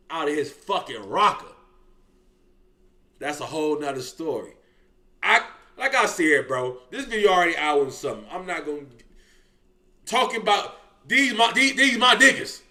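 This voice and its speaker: Guy reacting to a vid, slangy storytelling, kinda high voice, bright and punchy. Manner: animated, slangy, drawls 'boy' at line ends. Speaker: reaction video host. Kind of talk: casual profane storytelling.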